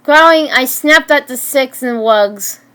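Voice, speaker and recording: A woman in her twenties reading her own story aloud in a halting way, often stumbling and restarting words. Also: sits high, fairly bright tone. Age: 20s. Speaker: story narrator.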